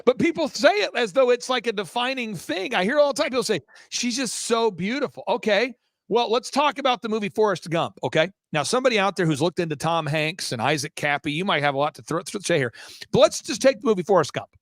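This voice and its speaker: A man appearing as a guest on a live talk show speaks emphatically and in rapid-fire bursts, tossing out rhetorical questions. His high voice has lively intonation, recorded cleanly in a studio with no echo.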